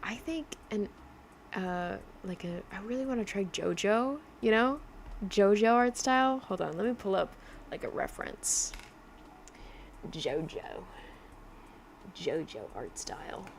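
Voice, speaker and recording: A chatty young woman streams her drawing session. She rambles casually, laughs often and leans on fillers, and her accent drifts in a loose mix of mimicked ones. Her voice has a gravelly, fry-tinged edge over faint background ambience. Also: mid-range voice, lively intonation, measured pace, long pauses, slight background noise. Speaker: digital artist livestreaming. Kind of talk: casual livestream chat while drawing.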